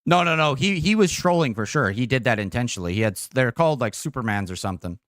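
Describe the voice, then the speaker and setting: A man's voice: mid-range voice, lively intonation, fast talker, fairly bright tone, dry recording, studio quality. Young man rambling to his stream chat. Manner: rambling, profane, filler-heavy storytelling. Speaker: game streamer. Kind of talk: casual chat with stream viewers.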